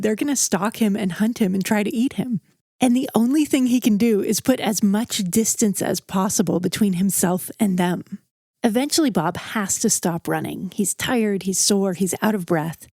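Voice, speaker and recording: A woman's voice: mid-range voice, moderate pace, a little mellow, no room sound, clean studio sound. A woman narrating a true story in a casual, vivid, conversational way, building suspense as she goes. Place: outdoors around a campfire.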